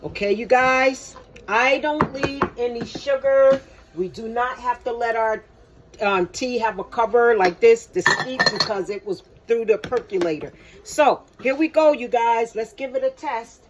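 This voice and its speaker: An older woman hosting a casual home vlog, chatting slowly and calling her viewers "you guys". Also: a little high, noisy background. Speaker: host.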